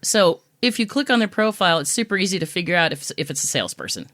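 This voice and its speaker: A woman co-hosting a podcast in casual chat, telling stories in an animated, indignant way. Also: lowish voice, quick pace. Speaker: podcast co-host.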